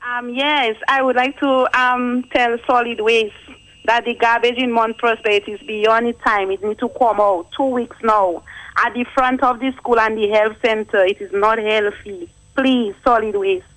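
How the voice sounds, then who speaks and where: A woman's voice: on the high side, steady tone, a little slow, fairly bright tone, dry recording, poor audio. A woman calling a radio show, politely pleading for help with a local problem. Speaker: caller. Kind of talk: call-in complaint. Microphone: phone line.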